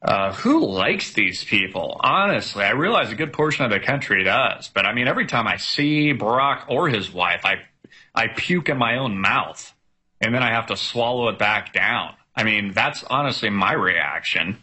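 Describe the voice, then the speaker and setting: A man's voice: on the low side, lively intonation, normal speed, pushed and bright, breathy edge. A man hosting a casual news commentary show, reading headlines aloud with many fillers and sarcastic asides.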